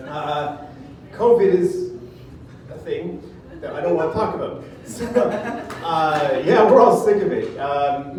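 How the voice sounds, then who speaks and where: A man doing a stand-up comedy set, rambling and self-deprecating, with filler pauses. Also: sits high, very echoey, far from the mic.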